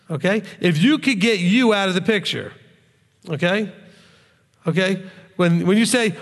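A man's voice: sits high, expressive, moderate pace, vocal fry, pauses often. A man preaching a sermon to his congregation as their rabbi, talking conversationally and often checking in with "okay?". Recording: long reverb of a hall.

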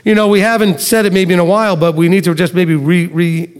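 A man's voice: high voice, little pitch movement, brisk. A man teaching a sermon to a live and online congregation, emphatic, with rhetorical questions and sarcastic asides. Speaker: Messianic Torah teacher. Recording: long reverb of a large hall.

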